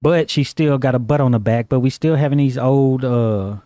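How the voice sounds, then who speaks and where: A man co-hosting a talk show with a mid-pitched voice, trading wry, offhand remarks in casual slang. He sounds close to the mic in a dry space. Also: moderate pace, warm tone, dry recording. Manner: wry, casual vernacular commentary. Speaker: podcast co-host. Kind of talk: casual chat.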